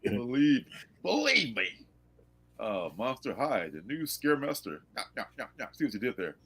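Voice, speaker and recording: A man hosting a casual comics livestream, animated and laughing, reading blurbs aloud. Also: on the low side, brisk, a crowd in the background. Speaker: host.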